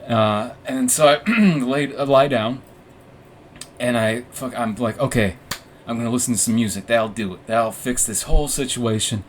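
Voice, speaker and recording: A man's voice: mid-range voice, normal speed, slight background noise. A young man hosting a casual podcast, telling a long personal story in a rambling, profane, self-mocking way, full of restarts and fillers. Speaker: podcast host. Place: room with warm orange lighting.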